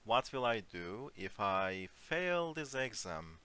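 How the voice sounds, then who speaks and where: A man teaching an online Turkish lesson in English, explaining phrases slowly and giving spoken examples. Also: lowish voice, very animated, pushed and bright, smooth. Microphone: computer mic on a voice call.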